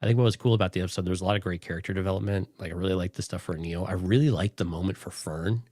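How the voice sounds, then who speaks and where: A deep-voiced man co-hosts a podcast in casual chat. He talks fast and rambles with enthusiasm, stacking up "like" and "you know." The sound is dry and close. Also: a little mellow, no echo. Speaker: podcast co-host.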